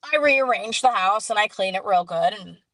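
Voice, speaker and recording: Woman live streaming, animated storytelling, does the voices in her quotes, dead dry room. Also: mid-range voice, normal speed, no echo, low-quality recording. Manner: animated, acts out quoted dialogue; greets viewers mid-story. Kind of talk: casual storytelling chat.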